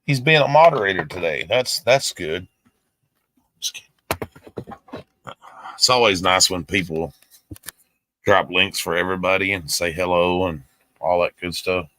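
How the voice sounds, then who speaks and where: A man co-hosting a casual livestream chat, easygoing and drawling, cooing softly to his dog now and then. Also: low-pitched, measured pace, pauses often. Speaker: livestream co-host.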